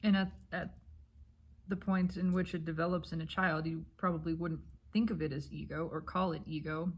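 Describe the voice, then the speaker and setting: A woman with a low, husky voice rambles her way through her thoughts, unhurried and reflective. She talks casually as she eats, sometimes swearing, letting each idea wander into the next. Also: fairly even intonation. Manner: talks with her mouth full while eating breakfast. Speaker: spiritual vlogger.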